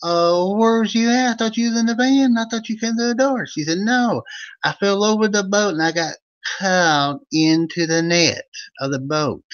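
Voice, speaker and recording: A man voices Old Vern, a folksy country storyteller with an Eastern Kentucky accent, spinning a loud, high-pitched, rambling yarn. His delivery is natural and moderately paced, captured in lo-fi sound.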